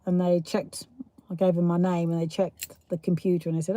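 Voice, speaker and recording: A woman's voice: lowish voice, flat delivery, fairly quick, dark tone, dry recording. South east london lady rambling on her livestream, laughs a lot, dry close sound. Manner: chatty, laughs often, rambling asides. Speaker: livestream host. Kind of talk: casual live chat reading comments.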